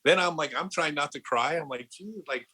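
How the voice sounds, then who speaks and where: A middle-aged man talking casually on a podcast as a guest, an animated storyteller who restarts his sentences and says "like" a lot. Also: on the high side, brisk, breathy edge, low-quality recording. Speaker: podcast guest, disc golf pro.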